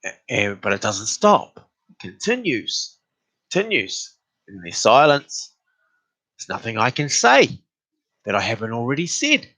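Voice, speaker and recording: A man telling a story about an argument in a casual, exasperated way. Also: no room sound. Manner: animated, exasperated retelling with rising pitch.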